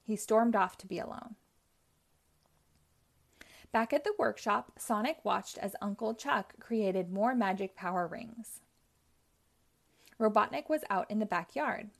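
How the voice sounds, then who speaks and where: A woman hosting a read-aloud show, narrating a children's chapter book in a clear, even way. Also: medium pitch, a little slow, pauses often. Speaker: host.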